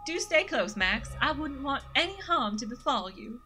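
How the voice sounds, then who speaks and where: Prim, doting female dog with a put-on genteel accent, lifted pitch; woman performs. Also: expressive, moderate pace, over music.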